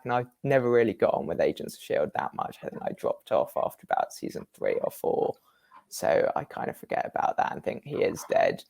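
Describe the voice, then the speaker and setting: Gravelly man with a lively voice. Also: medium pitch, no echo. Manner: measured, hedging with "sort of". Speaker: podcast co-host. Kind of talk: casual film discussion.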